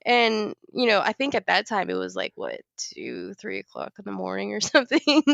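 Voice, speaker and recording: A woman's voice: medium pitch, wildly swooping pitch, normal speed, creaky, a bit bright, dry recording, lo-fi sound. A woman co-hosting a podcast, telling a story in a casual chat and laughing often as she goes. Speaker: podcast co-host.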